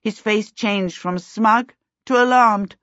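A woman's voice: mid-range voice, slow, a bit bright, dry recording. Woman reading a kids fantasy storybook, dry close sound, a bit muffled. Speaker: audiobook narrator. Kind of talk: storybook narration.

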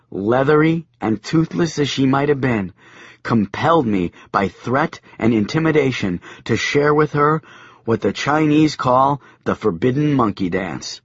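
A man narrates a comic novel in the first person, with a wry, deadpan edge and a lively, rolling pitch. His voice has a husky grain, recorded dry and close, with a slightly dull, lo-fi audiobook sound. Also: no room sound.

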